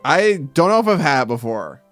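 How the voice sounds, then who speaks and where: A man streaming while he draws, reading viewer comments aloud and breaking into loud mock outrage with swearing. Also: a little high, sing-song, a little fast, no echo, faint music behind. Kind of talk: casual live-stream chat while drawing.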